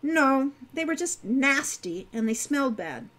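A woman reading as a curious teenage girl adventurer in a storybook, casual and eager. Her voice is high and bounces lively through each line. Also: unhurried, full character voice.

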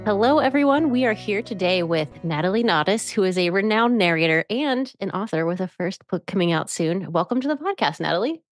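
A woman's voice: medium pitch, animated, fairly quick, few pauses, dry recording, faint music behind. Enthusiastic woman podcast host. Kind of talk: podcast interview.

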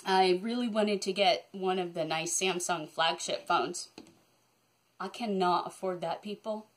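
A woman chatting excitedly to camera about her cross-stitch projects, rambling with many asides. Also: on the low side, unhurried. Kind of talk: casual chat to camera. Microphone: phone camera.

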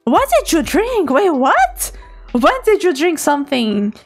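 A woman's voice: high voice, wildly swooping pitch, measured pace, soft background music. A woman VTuber streamer chatting casually with her viewers, bubbly and giggly, teasing playfully between thank-yous.

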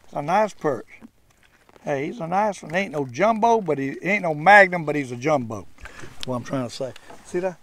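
An older man, casually commenting while fishing from a boat on a lake, folksy and repetitive, excited when he lands a fish. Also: a little high, normal speed. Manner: folksy, repeats himself, excited over catches. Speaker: fishing channel host.

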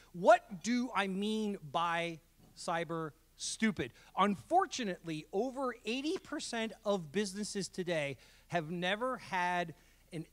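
A man giving a fast-paced, emphatic presentation talk with jokes at a community event. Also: sits high. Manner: energetic, emphatic, joking. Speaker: guest speaker. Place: college event hall.

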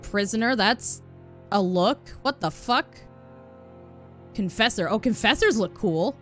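A woman streaming a video game live, excitable and giggly as she thinks aloud. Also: mid-range voice, unhurried. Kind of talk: live gaming stream chat. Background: game music.

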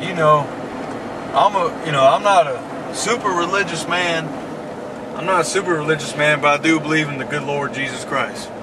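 Southern man, vlog host, easygoing and joking, slightly high; car cabin with steady road noise. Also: moderate pace. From Mississippi. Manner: chatty, joking, folksy. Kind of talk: casual chat while driving. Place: inside a car driving through town.

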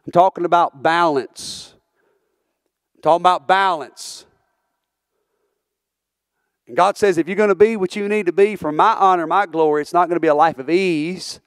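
A man's voice: high voice, moderate pace, pauses often, smooth, dry recording, clean studio sound. A male preacher delivering a sermon in church, earnest and full of rhetorical questions, building into fervent preaching. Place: church sanctuary.

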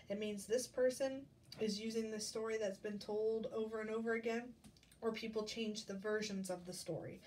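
A woman's voice: mid-range voice, distant mic, a little hiss or hum. Woman teacher reading aloud to kids. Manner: gentle, explaining. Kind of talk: reading a picture book aloud to children.

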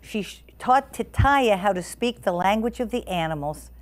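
A woman storyteller reading a picture book aloud with an expressive, animated delivery. Her pitch moves freely across a medium range, rising and falling with the tale. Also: moderate pace.

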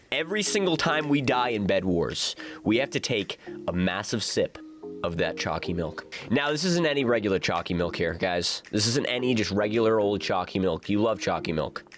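A young man talks over his gameplay in a fairly low voice that leaps all over the place. He rambles, stacks up fillers and breaks into frantic bursts of protest. Background music plays clearly beneath him. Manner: excitable, yells "no" in bursts, filler-heavy rambling. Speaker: gaming YouTuber. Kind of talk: casual gameplay commentary. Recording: music playing behind the voice.

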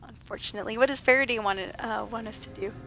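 A woman livestreaming a game, chatting playfully with viewers and laughing often, her voice a little rough from being sick. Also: a little high, quick pace, over music. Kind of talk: casual livestream chat with viewers.

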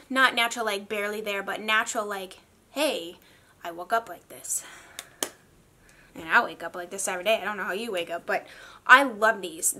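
A woman talking in a casual makeup review vlog, chatty and gushing, with animated asides. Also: a little high. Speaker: beauty vlogger.

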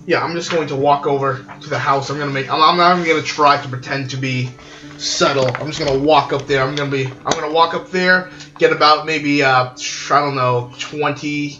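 Guy playing d&d, high bright voice, rambly, echoey room. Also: fairly even intonation, fairly quick, lo-fi sound. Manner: rambling, restarts, declaring actions. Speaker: player. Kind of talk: casual tabletop game play.

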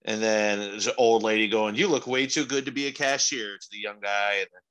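A young man co-hosting a podcast, telling rambling, profane stories in casual chat with sudden excited jumps in pitch. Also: fairly quick. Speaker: podcast co-host.

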